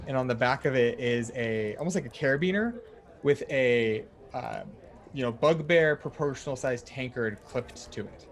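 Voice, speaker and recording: A man's voice: mid-range voice, normal speed. Laid-back man narrating a tabletop game. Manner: relaxed, filler-heavy storytelling. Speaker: dungeon master.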